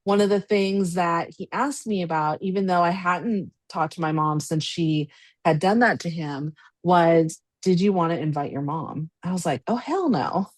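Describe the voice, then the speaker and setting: A woman's voice: on the low side, moderate pace, dry recording. A woman hosting a podcast interview, chatting casually and affirming her guest often. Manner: supportive, frequent backchannel agreement. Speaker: podcast host.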